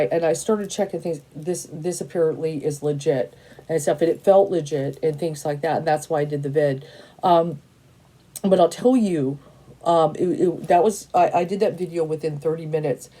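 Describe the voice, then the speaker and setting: A woman in her fifties with a lowish, mellow voice, talking straight to camera as a tarot reader. She is blunt and emphatic, swears casually, and circles back to repeat her points with plenty of "you know" and "and stuff". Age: 50s. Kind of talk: casual opinionated monologue.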